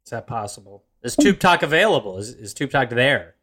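A man co-hosting a comedy podcast, cutting in with quick, teasing interjections. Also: mid-range voice, very animated, fairly bright tone, breathy edge. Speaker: podcast co-host.

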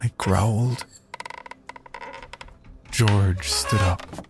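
Slow, low male horror narrator. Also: steady tone, noisy background. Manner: slow, grim first-person telling. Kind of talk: horror story reading.

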